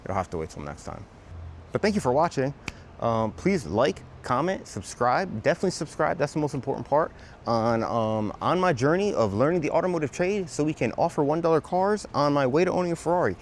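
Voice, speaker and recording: In his garage, a vlogger repairs a car while spinning a joking, laid-back story peppered with some swearing. His voice sits a little high and talks a bit quickly, swinging widely in pitch, and there's slight hiss or hum in the recording.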